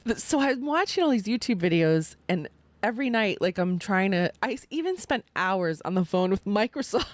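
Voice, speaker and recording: A woman's voice: medium pitch, very animated, normal speed, no echo. A woman hosting a live stream, chatting casually and laughing often as she tells stories. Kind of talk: casual chat.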